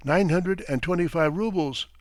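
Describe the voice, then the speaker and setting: A man voicing a cautious, sober male lawyer in a measured, dry tone. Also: high voice, no room sound, voice pushed up, lightly acted.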